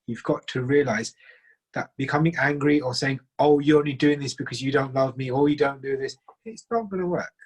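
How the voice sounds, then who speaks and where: Husky man giving a seminar talk. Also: a little high, poor audio. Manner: earnest, emphatic, listing points in short phrases. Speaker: relationship seminar speaker.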